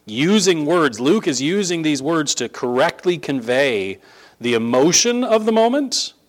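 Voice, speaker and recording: A man preaching a sermon in a conversational style that builds to emphatic, animated stress. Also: on the high side, a little slow. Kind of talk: sermon teaching.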